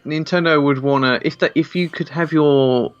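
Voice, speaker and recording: A man's voice: fairly high pitch, fairly even intonation, normal speed, clean tone. A man co-hosting a casual gaming podcast, laid-back and easily laughing. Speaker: podcast co-host. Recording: dull lo-fi mic, faint music.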